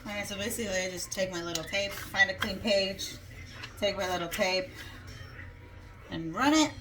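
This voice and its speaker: A woman's voice: medium pitch, level tone, fairly quick. Casual woman vlogger, out of breath, rambling kitchen chat with faint noise behind. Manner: chatty, rambling, self-joking. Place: home kitchen.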